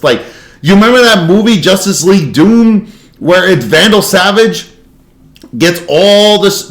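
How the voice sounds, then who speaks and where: A man's voice: high voice, a bit bright. A man hosting a reaction video, chatting casually and laughing through swearing asides. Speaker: reaction channel host. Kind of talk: casual commentary over a video.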